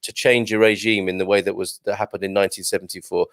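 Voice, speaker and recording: A man's voice: low-pitched, little pitch movement, quick pace, vocal fry, no echo, clean studio sound. A man hosting a live morning show, chatting jovially and reading out viewer comments. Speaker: show host.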